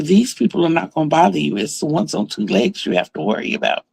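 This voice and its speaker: A woman's voice: on the low side, a little mellow, no room sound. A woman vlogger telling a story in a casual, chatty way, with lots of fillers and laughs between her sentences. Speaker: crafting vlogger. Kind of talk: casual storytelling about a dream.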